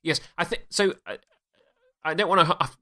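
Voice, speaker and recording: A man's voice: fairly high pitch, normal speed, bright, forceful tone. A man co-hosting a podcast, chatting casually about a TV episode with frequent restarts and laughs. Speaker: podcast co-host. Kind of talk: casual chat.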